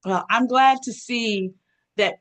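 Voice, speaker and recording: A woman's voice: on the high side, slow, low-quality recording. Upbeat woman presenter teaching online. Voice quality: frequent throat clearing. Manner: lively, folksy, calls audience girl and y'all. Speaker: workshop presenter. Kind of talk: live online workshop teaching.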